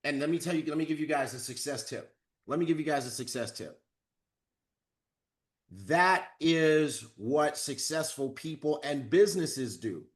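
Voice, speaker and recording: Male motivational trainer, energetic coaching delivery, slightly high pitch. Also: moderate pace. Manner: energetic, coaching, acts out phone calls. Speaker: network marketing trainer. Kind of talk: motivational talk.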